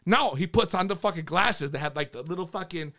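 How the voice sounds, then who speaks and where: A man telling a story in casual chat, excitable and full of swearing and slang. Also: fairly high pitch, brisk.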